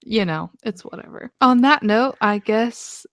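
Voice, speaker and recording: Slow, laid-back woman podcast host. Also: on the high side, fairly bright tone, no echo, studio quality. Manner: laid-back, teasing, swears casually. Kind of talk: casual chat.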